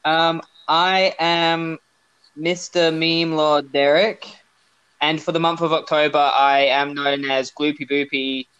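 Brief: young man, hesitant and soft-spoken, slightly high, smooth voice, muffled dry call audio. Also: steady tone, takes it slowly, no echo. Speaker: podcast guest. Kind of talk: casual chat.

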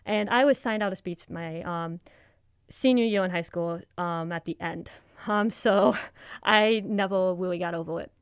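A young woman with a mild speech impediment who tends to talk fast. She reads her own essay, then answers questions casually with fillers. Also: fairly low pitch, smooth, no echo. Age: young adult. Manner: quick-talking, with frequent fillers in conversation. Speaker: student writer and guest.

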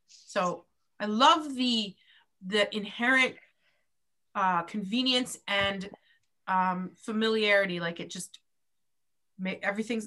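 Bright chatty woman co-host. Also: mid-range voice, a little slow. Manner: chatty, playful, laughs often. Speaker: podcast co-host, doula. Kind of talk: casual chat.

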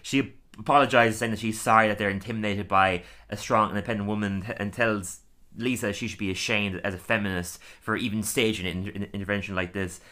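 Podcast guy recapping an episode, kinda low voice but bright, rambly, laughs a lot. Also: fairly even intonation, brisk. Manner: chatty, laughs often, fills with "like". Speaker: podcast co-host.

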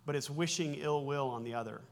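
Brisk and on the high side, the voice belongs to a pastor in his forties giving a sermon. He explains Greek words in an easygoing way, with self-corrections and wry asides.

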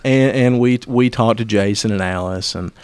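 A man's voice: on the low side, moderate pace, a little mellow, clean tone, dry recording. A man hosting a podcast, telling a comic story in a profane, self-interrupting way. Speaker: podcast host.

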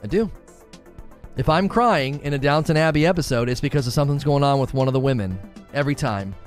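A man's voice: medium pitch, fast, faint music behind. A man chatting casually and earnestly, often repeating himself as he talks about what moves him. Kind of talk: casual chat.

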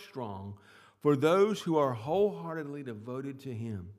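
A man preaching a sermon with emphatic swings in loudness, often repeating words and restarting phrases. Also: mid-range voice, expressive, unhurried. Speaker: pastor.

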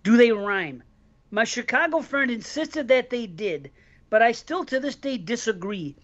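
A man hosts a casual podcast and reads listener mail aloud to his co-hosts. His pitch swings widely as he talks, and the audio is a little dull and lo-fi. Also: lively intonation, measured pace, a bit bright. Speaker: podcast host.

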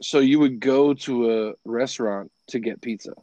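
A man's voice: medium pitch, moderate pace, no room sound, poor audio. Guy who grew up in italy, chatty co-host, laughs a lot, dry close sound. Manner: animated storyteller who laughs often. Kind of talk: casual chat.

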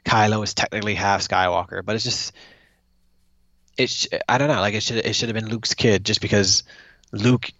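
A man's voice: lowish voice, steady tone, normal speed, a bit bright, dry recording, dull audio. A man co-hosting a casual podcast chat, rambling with many restarts and fillers. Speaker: podcast co-host.

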